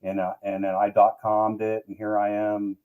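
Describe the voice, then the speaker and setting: A man's voice: lowish voice, monotone, moderate pace, phone-quality sound. A man who is a guest on a live fishing show, telling long rambling stories in casual chat. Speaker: guest, tournament angler. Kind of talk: casual storytelling.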